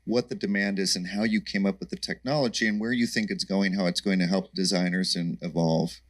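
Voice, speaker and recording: Deep-voiced man moderating a panel. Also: brisk. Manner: relaxed, conversational, joking asides. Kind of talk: live panel discussion. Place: conference panel room.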